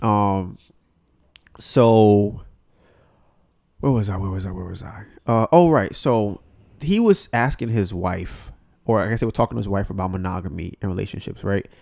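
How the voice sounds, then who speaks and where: A man's voice: on the low side, moderate pace, vocal fry, darkish tone. A man hosting a casual podcast, talking bluntly with plenty of swearing and often acting out what other people said. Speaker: podcast host.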